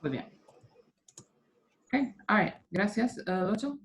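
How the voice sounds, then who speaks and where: A woman's voice: medium pitch, sing-song, measured pace, a little hiss or hum. A woman teaching a Spanish class, patiently explaining grammar step by step.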